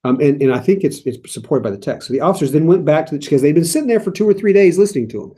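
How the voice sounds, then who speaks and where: A man with an American accent leading a casual Bible study, animated and playful, laughing as he explains the text. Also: medium pitch, very fast.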